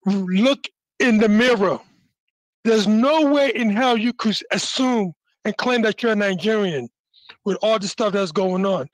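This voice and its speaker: A male caller with a high voice speaks with emphatic indignation. The sound is dry and close. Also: unhurried, no room sound, rough recording.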